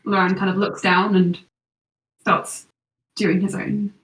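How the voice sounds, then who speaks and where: A woman narrates a tabletop game as its game master, describing each moment with measured, descriptive detail. She sounds set back from the mic in a roomy, echoing space. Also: mid-range voice, level tone, a bit bright. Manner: descriptive, measured narration with quick rules talk. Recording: echoey room, voice from far off.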